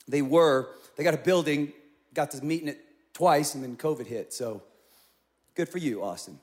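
Animated storytelling male pastor, fairly high voice. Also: normal speed. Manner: storytelling, animated with acted-out quotes. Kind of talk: sermon. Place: large church auditorium.

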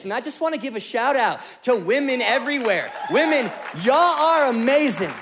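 A man in his twenties preaching a sermon to a church, telling funny personal stories and acting out what people said. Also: extremely high pitch. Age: 20s. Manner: animated, joking, acts out quotes. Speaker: pastor. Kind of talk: sermon with humorous storytelling.

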